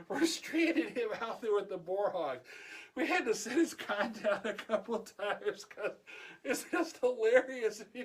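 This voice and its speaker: Male vlogger, relaxed and chatty, chuckles through his storytelling. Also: sits high, husky. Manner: chuckling often, laid-back and chatty. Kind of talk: casual storytelling.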